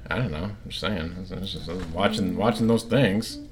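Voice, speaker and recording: A man's voice: deep voice, normal speed. A man co-hosting a podcast in casual banter, joking and self-deprecating. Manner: joking, self-deprecating, mimics voices in anecdotes. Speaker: podcast co-host.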